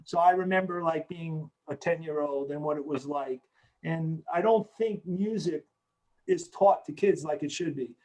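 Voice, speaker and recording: A man's voice: a little high, normal speed, a little mellow, poor audio. Rambling man in his sixties. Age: 60s. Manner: rambling, heavy on "you know" fillers. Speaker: creator of an animated short. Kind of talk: casual interview talk.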